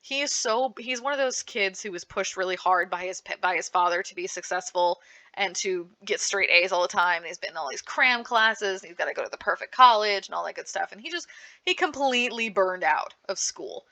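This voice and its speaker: A woman speaking with lively enthusiasm, recommending comics and manga in a casual panel talk. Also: mid-range voice, brisk. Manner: lively, animated, frequent restarts and laughs. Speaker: librarian giving a book panel.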